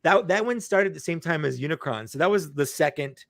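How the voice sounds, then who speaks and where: A man talking fast and animated as a guest on a casual livestream, often repeating words. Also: fairly high pitch, vocal fry, dry recording, studio quality.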